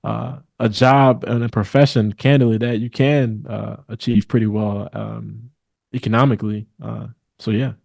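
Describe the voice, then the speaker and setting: Earnest young male guest, measured delivery with restarts, dry close sound. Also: on the low side, level tone, creaky, darkish tone, no room sound. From Milwaukee, Wisconsin. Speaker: guest, real estate attorney. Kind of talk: interview conversation.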